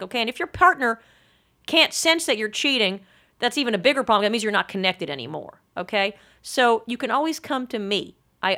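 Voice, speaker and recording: Bright-voiced woman doing a deadpan rambling monologue. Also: on the high side. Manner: mock-earnest, rambling, frank and crude. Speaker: comic monologuist.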